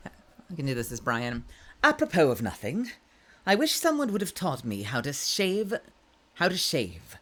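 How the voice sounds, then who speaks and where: A woman voicing a male cartoon dog in a lowered, deadpan voice. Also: unhurried, full character voice.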